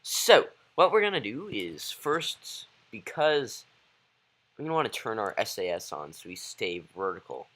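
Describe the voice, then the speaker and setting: A man giving rambling, excitable gameplay commentary as a YouTuber, talking straight to his viewers. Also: fairly low pitch, measured pace, low-quality recording. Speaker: gaming YouTuber.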